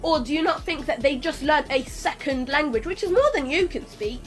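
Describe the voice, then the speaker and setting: A young woman with a high voice talks straight to camera, sassy and lecturing, full of pointed rhetorical questions. Faint music plays under her voice. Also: lively intonation, normal speed. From Palestine. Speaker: video creator. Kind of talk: speaking to camera over a speedpaint.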